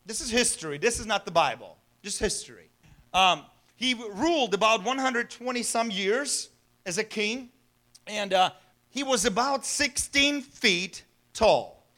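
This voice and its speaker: Pastor, male, very high and bright voice, chatty sermon delivery with rhetorical questions. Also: expressive, measured pace. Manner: conversational preaching with rhetorical questions and chuckles.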